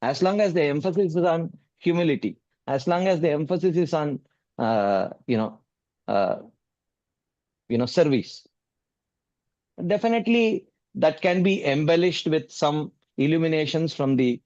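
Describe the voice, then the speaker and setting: A man teaching and answering questions in a scripture class, speaking in a measured way, repeating key points with many "you know" fillers. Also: a little high, expressive, darkish tone, no echo, highs cut off. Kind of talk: explanatory Q&A teaching.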